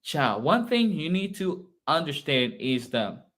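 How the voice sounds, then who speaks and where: A man's voice: a little high, very animated, unhurried, a bit bright. A man from Colombia with a Colombian Spanish accent, a native Spanish speaker, teaching an online Spanish lesson in English, repeating phrases patiently and checking in with "okay?".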